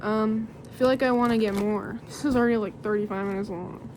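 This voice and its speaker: Young woman tarot reader, casual and giggly, meandering delivery, slightly high voice, light background hiss. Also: steady tone, brisk. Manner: rambling, giggly, filler-heavy. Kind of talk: casual tarot reading to camera.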